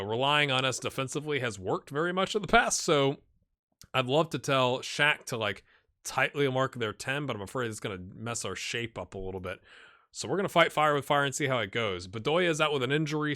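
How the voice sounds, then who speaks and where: A man commentating his own football management game, excitable, going from mumbled asides to shouts at near misses. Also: mid-range voice. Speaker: gaming YouTuber. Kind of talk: let's-play commentary.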